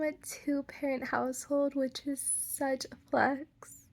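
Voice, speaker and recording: A woman's voice: high-pitched, level tone, slow pace, gravelly. A young woman with an American Valley girl accent, talking casually to camera, full of "like" fillers, playful asides and half-whispered lines. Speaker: vlogger.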